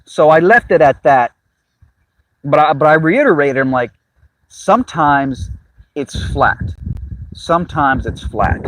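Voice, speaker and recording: A man's voice: a little high, noisy background. A young man, hosting a casual, rambling monologue to a live chat, swearing freely and laughing at his own jokes. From Miami, Cuban-American. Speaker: channel host.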